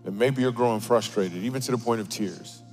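A man preaching a comedic sermon in a church auditorium, telling stories with animated, playful asides. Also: mid-range voice, a little fast, faint music behind. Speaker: guest speaker.

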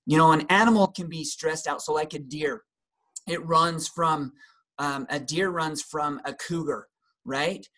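A man talking as a guest health practitioner in a casual discussion, animated, breaking into loud acted outbursts and dropping into hushed asides. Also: high voice, poor audio. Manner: animated, acts out angry outbursts and quotes.

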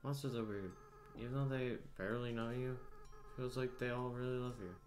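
A gentle, tearful young goat-monster boy, remorseful and soft-spoken, read aloud by a man. He speaks in a halting, choked-up way over faint game music. His pitch sits in a middle register. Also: fairly even intonation, natural voice. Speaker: gamer reading game dialogue aloud. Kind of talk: dramatic reading of game dialogue.

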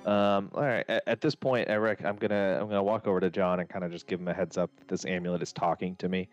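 A man's voice: sits low, steady tone, quick pace. A man playing in a tabletop game, chatting casually and hesitantly with fillers. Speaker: player. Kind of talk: casual tabletop role-play chat. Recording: dry, muffled lo-fi with faint music.

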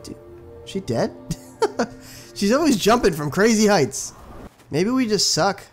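A young man casually commenting on his own video game playthrough, excitable and profane, talking back to the characters on screen. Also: high voice, measured pace, soft background music. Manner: excitable, swears a lot, talks to the game characters. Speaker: gaming channel host. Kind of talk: casual let's play commentary.

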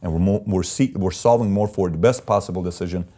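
A man's voice: sits low, quick pace, mellow. A man telling stories from his business life as an interview guest, in an intense, emphatic way, acting out the voices of the people he quotes. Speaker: interview guest, company CEO. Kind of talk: storytelling in a sit-down interview.

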